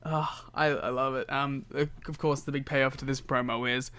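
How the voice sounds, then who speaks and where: A man's voice: mid-range voice, flat delivery, moderate pace, bright, forceful tone, smooth. A man co-hosting a podcast, chiming in with playful, jokey asides. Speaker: podcast co-host. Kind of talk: casual chat.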